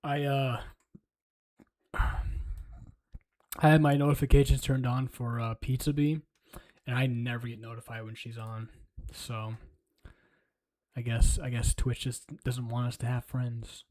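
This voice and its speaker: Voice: medium pitch, little pitch movement, moderate pace, dark tone. A streamer ranting crudely and heatedly in a casual livestream, full of swearing.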